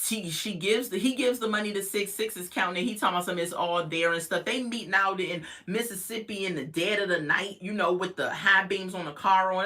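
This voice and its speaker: A woman's voice: medium pitch, a little fast, hardly any pauses, pushed and bright. A woman, recapping a reality show in a chatty, sassy, incredulous way with colloquial asides.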